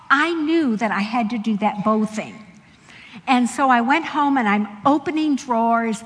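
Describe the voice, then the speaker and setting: Woman speaker, bright higher voice, animated sermon storyteller, long hall reverb. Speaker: Christian speaker.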